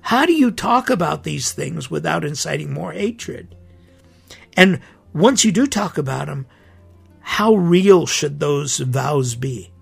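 Priest guy on his podcast, kinda high for a man, breathy husky voice, really emphatic. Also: lively intonation, slow, soft background music. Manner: earnest and indignant, emphatic. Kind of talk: impassioned podcast monologue.

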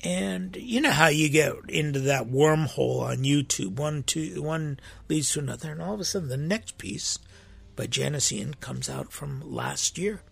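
A man's voice: a little high, normal speed, creaky, fairly bright tone, breathy edge. A man hosting a weekly faith program, talking reflectively and searching for his words with frequent restarts. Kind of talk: reflective spoken talk.

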